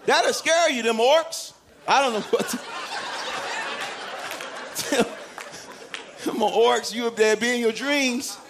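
A man preaching a sermon in a church, swinging from shouts to hushed tones and acting out quoted voices. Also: very high voice, moderate pace, crowd noise, background noise.

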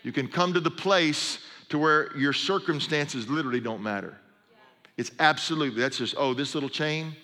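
A man's voice: on the high side, moderate pace, sharp tone. A middle-aged man preaching a sermon as a pastor, telling stories in a conversational way with humorous asides. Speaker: pastor and sports chaplain. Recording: long hall reverb.

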